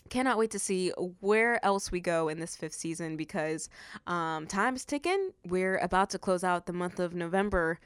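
A woman's voice: on the low side, clean tone, no room sound. A woman hosting a faith-based podcast, talking earnestly and effusively to her listeners with plenty of fillers. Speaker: podcast host.

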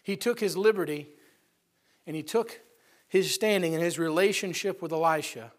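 A man preaching a sermon in a folksy, conversational way, retelling stories with lively acted-out voices. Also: on the high side, moderate pace. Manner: animated storytelling, acting out characters' voices.

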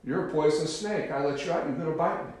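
A man's voice: a little high, quick pace, darkish tone, pitched above the performer's own voice, lightly acted. A man voicing a wary, kind-hearted marsh man in a joke told within a sermon, speaking in a raised, indignant voice in a very echoey room.

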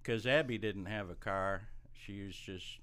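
A man's voice: lowish voice, unhurried, fairly bright tone, smooth. A middle-aged man telling stories and jokes in a casual, self-deprecating way, acting out voices. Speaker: podcast co-host telling life stories. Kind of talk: casual storytelling chat.

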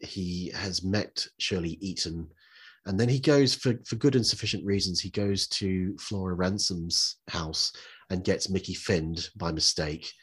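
A man's voice: low-pitched, unhurried, fairly bright tone, slightly rough. A man hosting a podcast, chatting eagerly about old comedy films and slipping into comic voices. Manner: enthusiastic, fond of putting on comic voices. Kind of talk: casual film chat.

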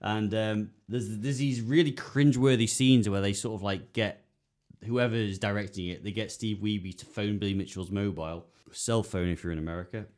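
Low-voiced, rambling man. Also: fairly even intonation, normal speed, a little mellow. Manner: rambling, lots of fillers, puts on voices to act out scenes. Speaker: podcast co-host. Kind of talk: casual chat.

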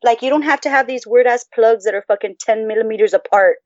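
A woman co-hosting a podcast in casual chat, profane and animated as she rambles. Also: fairly high pitch, fast talker, no room sound. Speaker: podcast co-host. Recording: dull lo-fi sound.

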